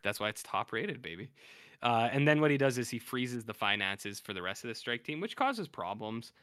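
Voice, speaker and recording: A man's voice: medium pitch, very animated, normal speed, a bit bright, no echo, studio quality. A man co-hosting a podcast in casual chat, animatedly retelling episodes and acting out what characters say. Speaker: podcast co-host.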